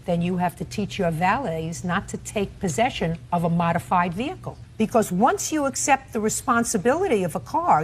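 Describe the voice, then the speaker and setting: A woman's voice: medium pitch, animated, normal speed, hardly any pauses, breathy edge. A woman presiding as a television judge, stern and lecturing, often cutting people off. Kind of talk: courtroom questioning.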